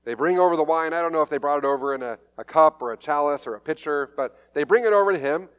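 Chatty preacher, a man with a slightly high voice. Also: expressive, fast talker, clear, resonant tone. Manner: conversational storytelling with light humor. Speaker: pastor. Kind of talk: sermon.

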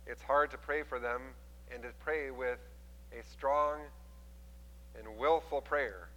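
A man preaching a sermon, retelling a scripture story with lively voices for the people in it. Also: medium pitch, takes it slowly, pauses often, in a large hall, highs cut off. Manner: animated storytelling, acting out quoted voices. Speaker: pastor.

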